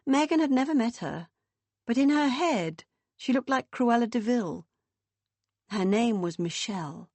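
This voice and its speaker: A woman narrating an audiobook in a measured, expressive reading. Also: on the high side, no echo.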